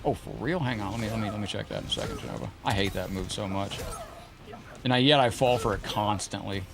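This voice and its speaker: A man's voice: fairly low pitch, expressive, quick pace, creaky, over music. A man streaming a fighting game live, commenting on the match and chatting casually with viewers in the chat.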